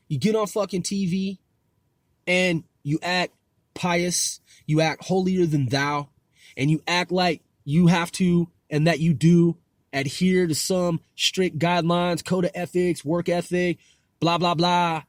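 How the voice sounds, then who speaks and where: A man's voice: high-pitched, no room sound, studio quality. A man hosting his own podcast, ranting with heavy profanity and repetition, filling nearly every line with "dude" and "man". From United States. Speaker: podcast host. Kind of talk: profane political rant.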